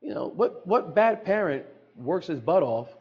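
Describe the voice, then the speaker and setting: A man's voice: on the high side, sing-song, measured pace, husky, highs cut off. Earnest man telling a hard story. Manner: earnest, repeats phrases for emphasis. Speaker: podcast guest. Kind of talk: emotional personal storytelling. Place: podcast studio.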